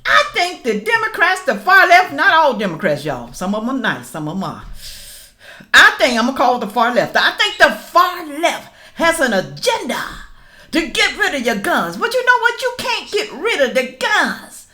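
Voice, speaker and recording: A middle-aged woman giving casual reaction commentary, reading news aloud and calling out to viewers as y'all, rising to loud emphatic questions. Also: high voice, big pitch swings, moderate pace. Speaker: political commentary vlogger.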